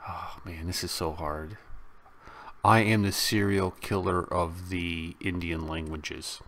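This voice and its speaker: American reaction guy, real low voice, chatty, pokes fun at himself. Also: unhurried. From United States. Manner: chatty and self-deprecating, swinging into loud, excited bursts. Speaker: YouTube reaction host. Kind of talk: casual chat to camera.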